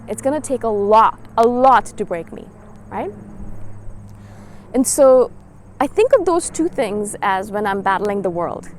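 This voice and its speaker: A woman's voice: fairly high pitch, slight background noise. A woman in her thirties talking to camera in a casual, encouraging vlog monologue. She repeats her points over and over and urges listeners to return to their reasons. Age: 30s. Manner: earnest, repetitive, encouraging, acts out quoted voices. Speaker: spiritual vlogger.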